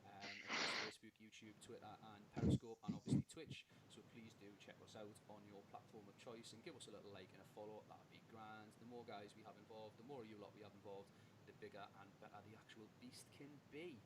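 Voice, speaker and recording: A man's voice: on the low side, steady tone, fast, very noisy. A man hosting a casual live football chat stream, bantering in a matey way with plenty of ums. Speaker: podcast host.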